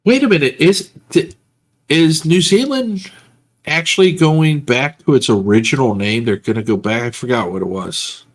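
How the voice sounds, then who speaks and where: A man's voice: fairly high pitch, normal speed. A man in a casual chat, teasing and talking freely.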